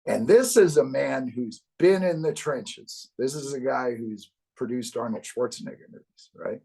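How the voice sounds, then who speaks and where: Husky older man telling wry anecdotes. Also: medium pitch, moderate pace, poor audio. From US East Coast. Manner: wry, animated anecdotes with acted quotes. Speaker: guest, author. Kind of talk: casual interview storytelling.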